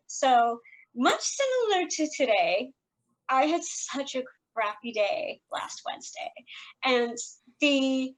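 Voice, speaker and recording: A woman with a high voice co-hosts a casual podcast chat. She speaks earnestly and with deep feeling, her voice on the edge of tears as she opens up. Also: low-quality recording. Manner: earnest, emotional, talks through tears. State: tearful. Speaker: podcast co-host.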